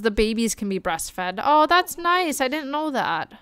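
A young woman streaming a life-simulation game, chatting excitedly and gushing over the characters as she plays. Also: fairly high pitch, unhurried, hardly any pauses, smooth, no echo. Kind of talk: life-sim gameplay commentary.

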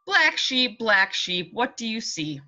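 A woman's voice: on the high side, very animated, muffled recording. Sing-song woman teacher reading to children. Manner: sing-song, warm and encouraging, speaking slowly and clearly to small children. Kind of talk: reading a picture book and leading a class meeting for young children.

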